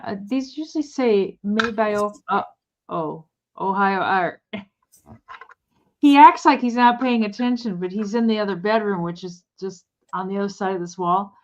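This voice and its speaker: A woman's voice: mid-range voice, dull audio, a little hiss or hum. A woman co-hosting a live online vintage sale, chatting and telling rambling stories about her items. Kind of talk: casual live sale chat.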